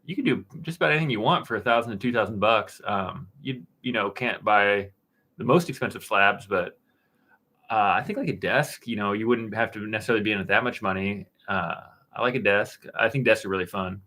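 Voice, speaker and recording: A man in his thirties hosting a casual live stream, answering chat questions in a relaxed, rambling way with plenty of fillers and restarts. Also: lowish voice, a little fast. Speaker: woodworking channel host answering live chat. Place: dark-painted home studio room.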